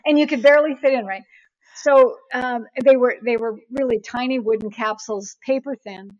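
Woman guest, lively storyteller, slightly high voice, muffled dry recording. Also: moderate pace, no echo. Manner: animated, acts out voices in her anecdotes. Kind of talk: storytelling in a casual interview. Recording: dull, dry, lo-fi sound.

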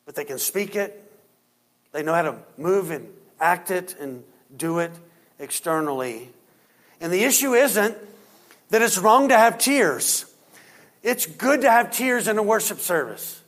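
A man preaching a sermon as pastor. He stresses points with rising force and drops low and quiet to read scripture. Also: very animated, unhurried. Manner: preaching with rising emphasis, then dropping quiet for scripture reading.

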